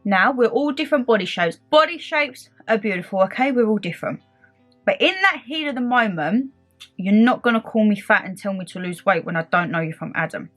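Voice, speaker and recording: A young woman, telling a story in a casual, animated and indignant way. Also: mid-range voice, brisk, soft background music. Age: young adult. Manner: animated, indignant retelling with quoted back-and-forth. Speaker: beauty vlogger.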